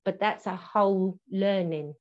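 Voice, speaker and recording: A woman co-hosting a conversational podcast, speaking in a calm, reflective and explanatory way. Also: medium pitch, a little slow. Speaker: podcast co-host. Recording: muffled, dull sound.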